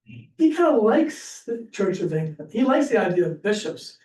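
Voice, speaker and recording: Speaking at normal speed in a high, sing-song, slightly mellow voice, this Pennsylvanian leads a casual church history class. He rambles and chats, full of fillers and restarts, recorded from a distance in an echoey room with faint hiss.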